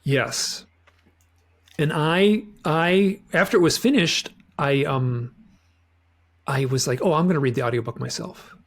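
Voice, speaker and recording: A man's voice: fairly high pitch, unhurried, pauses often. A man talking as a guest author in a casual interview, rambling with many restarts and repeated words.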